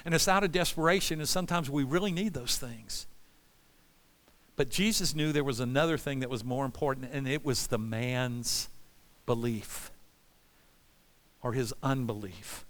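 Preacher in a reverberant hall. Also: male voice, a little high, moderate pace. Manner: impassioned preaching, swings from loud to hushed. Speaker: pastor. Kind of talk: sermon.

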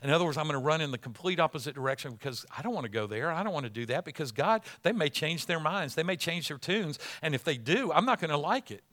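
Middle-aged male pastor, sermon delivery, conversational stories building to emphatic preaching; bright, slightly high voice. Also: expressive, quick pace, hardly any pauses. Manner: conversational storytelling, then rising to emphatic preaching.

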